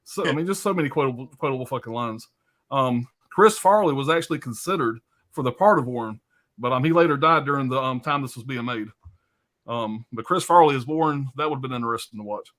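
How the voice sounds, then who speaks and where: A man's voice: medium pitch, brisk, a bit bright. A man hosting a live stream, chatting casually about films in a loose, profane, rambling way full of fillers.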